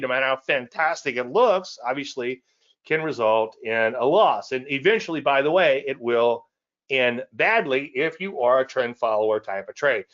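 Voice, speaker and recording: On his weekly live trading show, a man with a medium-pitched, fairly bright voice presents conversationally and digressively. He tends to repeat phrases, restart sentences and chuckle at his own asides, and the recording sounds dull.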